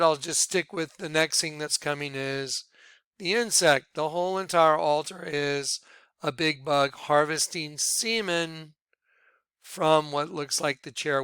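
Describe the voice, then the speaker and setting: A man leading a ministry, talking viewers through images on his screen in an excitable, repetitive way. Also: a little high, gravelly, clear, resonant tone, dry recording. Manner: excitable, repeats himself, points things out to viewers. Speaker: ministry leader presenting on screen. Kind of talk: screen-share commentary.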